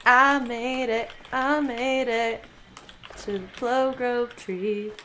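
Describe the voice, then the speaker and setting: High bright chatty woman streaming a game, giggly, talks baby talk to her cat, faint room hum. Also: steady tone, slow pace. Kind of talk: casual gaming livestream chat.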